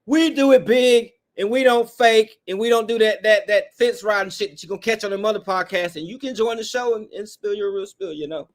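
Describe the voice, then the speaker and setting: Fired-up high-voiced man hosting a fan show. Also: fairly quick, hardly any pauses. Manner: fired-up, blunt and profane, talking straight to the chat. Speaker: podcast host. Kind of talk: casual live-stream talk reading chat comments.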